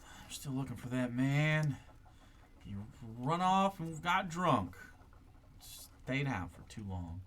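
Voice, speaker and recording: A man's voice: medium pitch, sing-song, takes it slowly, fairly bright tone, pitched above the performer's own voice. A man voicing a blunt, folksy country woman in her late thirties who talks in a chatty, homespun drawl. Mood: worried.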